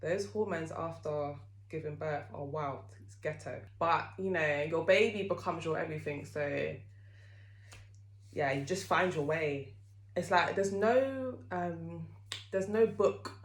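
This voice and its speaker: A woman's voice: sits low, unhurried. A young woman talking candidly to camera as a vlogger, chatty and open, with lots of fillers. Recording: echoey room.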